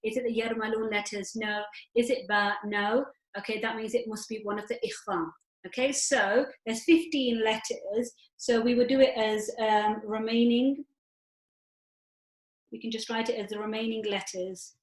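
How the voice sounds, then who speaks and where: A woman's voice: fairly high pitch, fairly even intonation, moderate pace. Patient woman teaching in an echoey room. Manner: patient, step-by-step explaining with self-posed questions. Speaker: Quran recitation teacher. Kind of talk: tajweed lesson.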